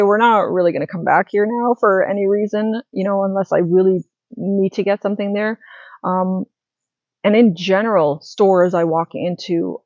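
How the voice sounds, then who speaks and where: A woman's voice: fairly low pitch, darkish tone, no echo, dull audio. A woman in her thirties talking casually to camera as a spiritual wellness creator, chatty and rambling with many fillers and restarts.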